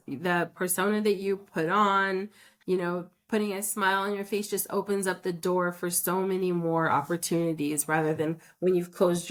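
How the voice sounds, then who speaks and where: Lower-voiced woman co-host. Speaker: podcast co-host. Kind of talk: casual chat.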